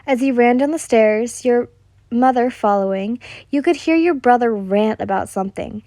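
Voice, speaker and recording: A woman reading a second-person fan story aloud in a soft way, now and then correcting herself. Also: a little high, dry recording. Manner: slow, soft, with occasional self-corrections. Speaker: fan fiction reader.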